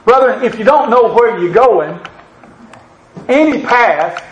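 High-voiced preaching man, echoey room. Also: expressive, takes it slowly, dull audio, slight background noise. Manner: emphatic, rising preaching cadence with Bible quotes. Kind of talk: sermon.

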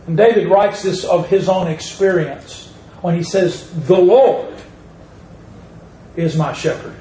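Male preacher, measured and emphatic, faint room noise behind. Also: high voice, a little mellow. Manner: slow, emphatic preaching with drawn-out words and rising stresses. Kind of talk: sermon. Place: church sanctuary. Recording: echoey room with faint ambience.

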